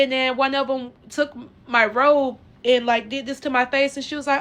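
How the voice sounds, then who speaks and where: A woman telling her own story to her viewers in a casual, earnest way, rambling and halting with lots of fillers and restarts. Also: sits high, steady tone, fairly bright tone. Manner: earnest and emotional.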